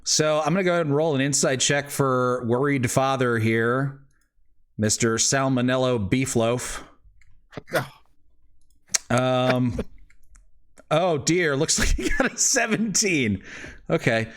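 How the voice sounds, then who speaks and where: A man's voice: medium pitch, slow pace, pauses often. A man narrating as game master for a tabletop game, laughing often and hesitating with fillers.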